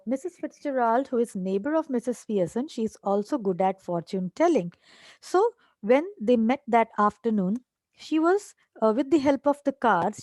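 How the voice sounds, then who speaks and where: A woman's voice: on the high side, darkish tone, no room sound. A woman, explaining a play line by line to a class, with fillers and tag questions. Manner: reads a line, then explains it, switching to Hindi at times. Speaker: English teacher.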